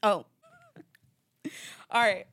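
A woman's voice: drawn-out words, fairly bright tone, no echo. A young adult woman, hosting a podcast and telling a story in a chatty, exasperated way full of "like"s. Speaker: podcast host. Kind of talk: casual storytelling.

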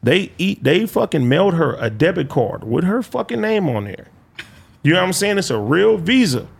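A man with a Los Angeles accent and a gravelly, creaky voice set a little high. He tells profane, animated stories as a guest on a casual podcast. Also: normal speed. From Los Angeles, California. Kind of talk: casual storytelling chat.

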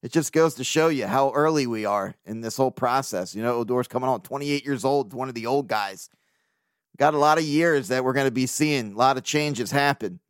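A man's voice: mid-range voice, brisk, smooth, dry recording, clean studio sound. A man hosting a casual solo sports podcast, talking in a loose, joking way, swearing now and then and laughing often. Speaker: podcast host.

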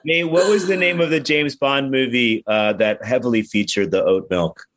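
A man's voice: medium pitch, normal speed, fairly bright tone, dry recording. A man on a comedy podcast teasing the others with dry follow-up questions. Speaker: podcast co-host.

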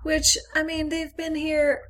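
A woman's voice: high-pitched, monotone, unhurried, a bit bright. Chatty woman recapping with a laugh. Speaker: podcast co-host. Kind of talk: casual recap chat.

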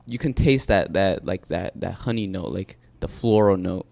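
Man, lowish voice, dry room, rambling casual storyteller. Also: moderate pace, gravelly, a little mellow, no room sound. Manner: rambling storyteller, swears freely. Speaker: podcast co-host. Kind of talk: casual chat over beers.

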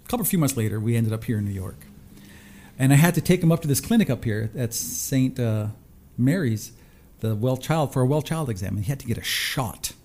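A talk show host tells a personal story in a lively, expressive way, acting out the voices of the people involved. His voice is medium-pitched.

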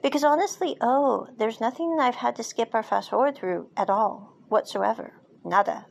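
A woman's voice: on the high side, normal speed, gravelly. A woman podcast host recapping and reviewing a drama in a chatty, casual way, laughing now and then with frequent asides. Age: adult, parent.

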